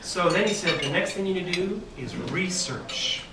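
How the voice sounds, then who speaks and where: A man giving a humorous keynote speech at an awards dinner, telling an absurd story in a playful way with deadpan asides. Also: on the high side, brisk. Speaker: keynote speaker. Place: banquet hall at an awards dinner. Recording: echoey, distant hall recording with loud noise.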